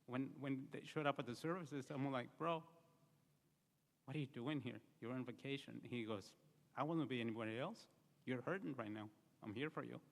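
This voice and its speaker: A man's voice: medium pitch, normal speed, creaky. Man telling a heartfelt story in a hall. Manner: earnest storytelling, many fillers. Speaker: eulogy speaker. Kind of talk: memorial speech. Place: memorial service hall. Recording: reverberant hall.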